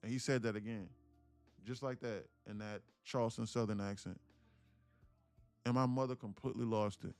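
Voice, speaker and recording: A man's voice: fairly low pitch, fairly even intonation, moderate pace, pauses often, a little mellow, clean tone, no room sound. Emphatic man in his thirties, dry mic. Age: about 30. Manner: emphatic, repetitive, keeps saying "listen, look"; swears casually, heartfelt storytelling. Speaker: day trading streamer. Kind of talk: live stream talk to viewers. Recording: dry close mic with faint music behind.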